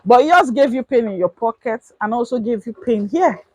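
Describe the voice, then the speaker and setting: Young Nigerian woman vlogger, husky voice, close and dry, lively storyteller. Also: fairly high pitch, brisk, no room sound, rough recording. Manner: animated, acts out quotes in raised voice. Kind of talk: casual storytime.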